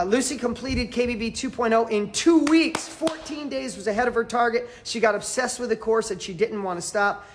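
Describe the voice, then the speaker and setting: Guy coaching a live crowd, super emphatic, hammers the same lines over and over. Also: sits high. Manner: fervent, emphatic, pep-talk delivery; repeats phrases for emphasis. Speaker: motivational coach. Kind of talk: live motivational training.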